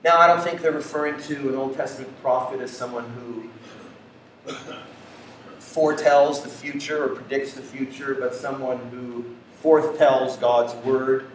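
A man preaching a sermon who swings between loud, excited passages and hushed, quiet ones. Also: medium pitch, a little hiss or hum. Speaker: pastor. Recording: echoey room, speaker far from mic.

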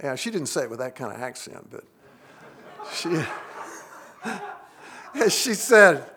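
A man's voice: a little high, sing-song, slow pace, sharp tone, slight background noise. A middle-aged man, preaching a sermon to his congregation in an earnest way, often asking the listeners questions. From United States. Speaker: pastor.

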